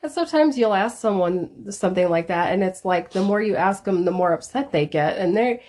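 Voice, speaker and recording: A woman's voice: medium pitch, expressive, brisk, darkish tone. A woman co-hosting a podcast, chatting casually and often agreeing with short affirmations. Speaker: podcast co-host. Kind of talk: casual chat.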